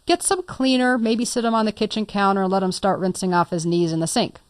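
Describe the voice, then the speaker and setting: A woman's voice: mid-range voice, brisk, dry recording, studio quality. A woman instructor talking through a computer tutorial step by step, patient and lightly playful. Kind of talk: screen-recorded software tutorial.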